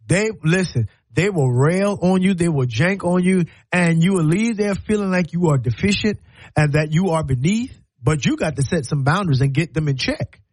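A man's voice: fairly high pitch, animated, moderate pace, a little mellow, dry recording, poor audio. A man hosting a radio talk show, giving an emphatic, preachy monologue that often repeats words and acts out imagined conversations.

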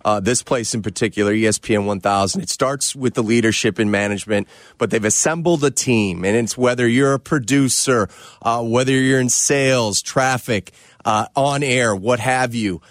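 A man's voice: mid-range voice, moderate pace, no room sound, clean studio sound. A man hosting a sports radio show, talking in a reflective, conversational way.

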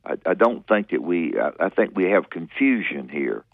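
A man's voice: low-pitched, normal speed, vocal fry, no echo, narrow, tinny audio. Stammering man co-hosting talk radio. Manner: stammering, restarts often, grows animated. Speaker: radio co-host. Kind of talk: sports talk radio chat.

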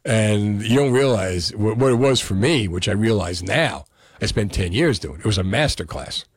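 A man's voice: lowish voice, expressive, normal speed, no echo, clean studio sound. A middle-aged man with a New Jersey accent, a radio host telling stories in a casual, chatty way with many fillers.

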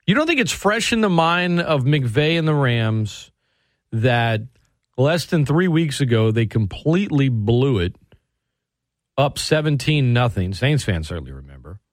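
A male sports radio host with a very lively, swooping delivery, sarcastic and opinionated. He speaks close to a studio mic in a dry, dead room with no reverb. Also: a little slow. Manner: animated, sarcastic, swings pitch for emphasis.

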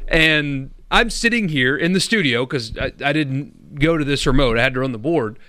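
A man co-hosting a radio show from the studio, telling stories quickly and with energy. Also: on the high side. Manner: quick, animated storyteller. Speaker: radio board operator and co-host. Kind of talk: casual anecdote telling.

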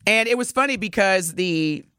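A woman co-hosting a radio talk show, telling a story with animated flair and laughing as she talks. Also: mid-range voice, normal speed, clear, resonant tone, no echo, clean studio sound. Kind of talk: casual radio banter. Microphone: studio microphone.

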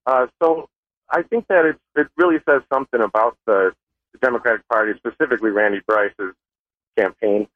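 A man's voice: medium pitch, fairly quick. Male caller on a tinny phone line. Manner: earnest, indignant. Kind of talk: call-in talk radio. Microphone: telephone.

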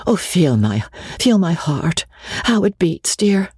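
A coy young woman of nineteen, as a reader puts her on, scheming behind breathy near-whispers. Husky and dry, swinging up and down, an audiobook reading. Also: medium pitch, very animated, takes it slowly, a little mellow, no echo, pitched above the performer's own voice, full character voice.

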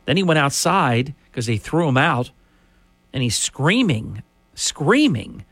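A man's voice: mid-range voice, sing-song, a little slow, a bit bright, no echo. A man hosting a talk radio show, ranting emphatically and indignantly into a studio microphone.

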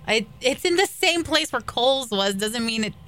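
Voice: medium pitch, expressive, moderate pace, pushed and bright. A co-host of a morning radio show, teasing and exclaiming in casual banter.

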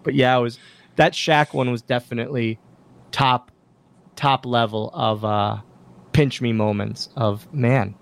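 A man with a gravelly, fry-edged voice, talking casually as a podcast guest. He tells animated stories and acts out the lines people said to him, with ordinary mid-range pitch. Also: measured pace. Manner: animated anecdotes with acted-out quotes. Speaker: podcast guest, wrestler and wrestling school owner. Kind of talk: casual interview storytelling.

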